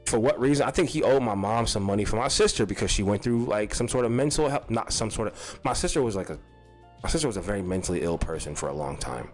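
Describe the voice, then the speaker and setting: A man's voice: lowish voice, fast, soft background music. Profane young man telling a story. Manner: profane, animated, rambling with restarts. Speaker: streamer telling a personal story. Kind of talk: casual storytelling monologue.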